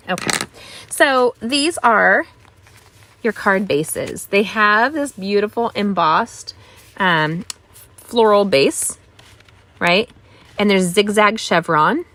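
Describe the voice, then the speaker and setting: A woman's voice: mid-range voice, fairly bright tone. A middle-aged woman hosting a live craft stream, chatting casually, greeting viewers and showing supplies with enthusiastic asides. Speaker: craft channel host.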